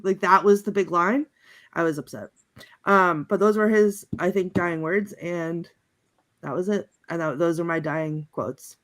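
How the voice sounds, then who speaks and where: A woman on a panel chatting casually, laughing often and halting with many fillers. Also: fairly low pitch. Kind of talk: casual chat, recounting movie quotes.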